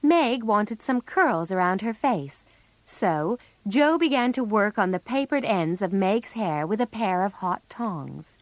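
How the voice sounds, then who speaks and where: A woman narrating a story for English learners, slowly and with clear enunciation. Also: mid-range voice, lively intonation, dry recording.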